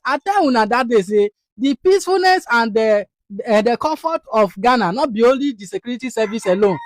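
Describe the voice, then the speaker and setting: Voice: medium pitch, no echo. A video commentator reacting to a clip in a chatty way, mixing West African Pidgin into English.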